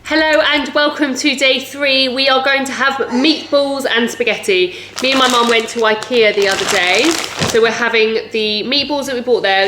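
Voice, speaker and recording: A woman in her thirties, a mum chatting casually with many "like"s and giggles while cooking family dinner at home. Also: on the high side. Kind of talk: casual cooking vlog chat. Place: home kitchen. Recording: echoey kitchen with background noise.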